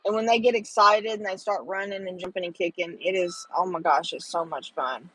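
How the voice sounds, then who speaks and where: A woman's voice: fairly low pitch, steady tone, a little fast, fairly bright tone, slightly rough, dry recording, poor audio. A middle-aged woman, chatting with viewers on a casual livestream and rambling with lots of fillers. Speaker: livestream host.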